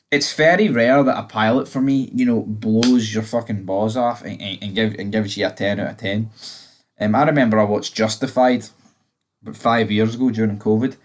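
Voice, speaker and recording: A man giving a casual, rambling TV episode review, blunt and swearing freely. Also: mid-range voice.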